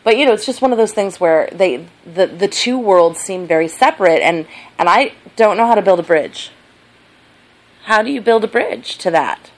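A woman co-hosting a casual conversation, rambling playfully with frequent halting restarts. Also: mid-range voice, animated, low-quality recording. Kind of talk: casual chat.

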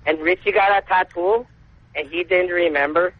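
Man putting on a giddy fan voice, very high, giggly, phone-like feed. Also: moderate pace, very noisy, lightly acted. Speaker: caller.

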